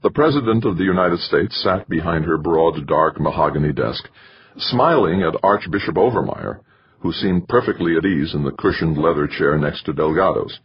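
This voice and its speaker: A male audiobook narrator with a very husky, low voice. He reads expressively, and his pitch rises and falls a great deal. The recording is dull and lo-fi. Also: lively intonation, moderate pace, dry recording. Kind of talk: scripted narration.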